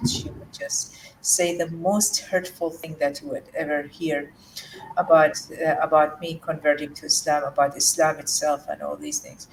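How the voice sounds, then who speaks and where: Woman telling her story. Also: low-pitched. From Jordan. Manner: halting, with many restarts and fillers. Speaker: guest. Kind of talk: emotional personal story in an interview. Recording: distant mic with faint background noise.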